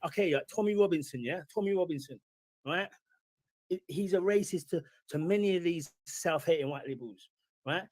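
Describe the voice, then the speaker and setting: A man's voice: a little high, a little fast, a little mellow, dry recording. An English man arguing his point on a heated call, stumbling and repeating himself as he talks. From England. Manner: argumentative, repeats himself, stumbles over words. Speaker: guest on a call-in show.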